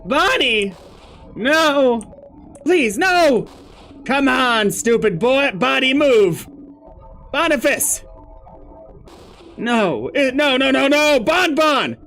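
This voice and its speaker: A man's voice: high-pitched, measured pace, fairly bright tone, faint music behind, pitched above the performer's own voice. A man voicing a desperate young hero in a video game, crying out in frantic pleas. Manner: frantic pleading cries.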